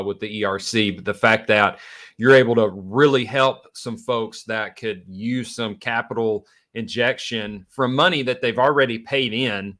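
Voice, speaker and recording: Podcast host dude, hyped and agreeable, normal pitch. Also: male voice, fairly bright tone. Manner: enthusiastic, affirming. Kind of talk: casual interview chat.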